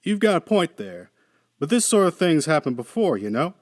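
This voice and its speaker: A man reading the part of a weary, skeptical male engineer with a dry, gruff manner. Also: a little high, sing-song, normal speed, dry recording, pitched above the performer's own voice. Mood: musing.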